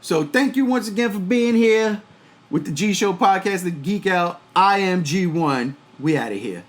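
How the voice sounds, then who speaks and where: A man in his forties hosting a casual pop-culture podcast, telling stories in a loose, profane, animated way. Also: high-pitched, normal speed. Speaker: podcast host.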